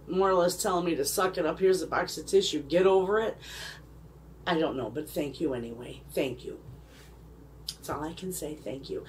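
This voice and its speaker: A woman's voice: fairly low pitch, darkish tone, slight background noise. A middle-aged woman hosting a homesteading channel, chatting casually and emotionally to her viewers. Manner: rambling, heartfelt, emotional. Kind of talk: casual chat to camera.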